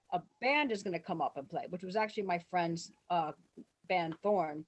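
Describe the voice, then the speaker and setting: Woman storyteller, mid-pitched, animated, swears freely, acts out shouted quotes. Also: moderate pace. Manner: swears freely, laughs while telling. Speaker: guest telling stories. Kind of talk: casual storytelling.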